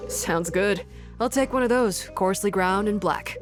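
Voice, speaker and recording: A woman's voice: medium pitch, normal speed, soft background music, natural voice. A woman voicing a laconic adult male detective in a video game, with dry, understated delivery.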